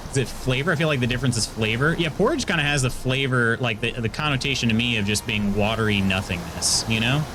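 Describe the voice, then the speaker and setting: A man's voice: quick pace, few pauses, background noise. American man streaming a game, chatty and playful. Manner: chatty and playful, jumps into high excited bursts. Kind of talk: casual gameplay commentary, chatting with viewers.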